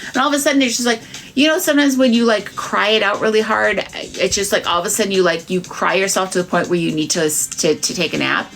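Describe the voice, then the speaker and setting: A woman's voice: medium pitch, fast, gravelly, fairly bright tone, soft background music. A woman doing psychic readings on a live stream, talking frankly to viewers in a chatty way with many fillers.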